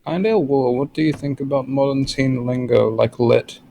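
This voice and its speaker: A man's voice: mid-range voice, steady tone, moderate pace, vocal fry, dark tone, slight background noise, low-quality recording. A man chatting casually on a stream while he edits a video, easygoing and a bit distracted. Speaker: friend and co-host. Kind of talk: casual chat.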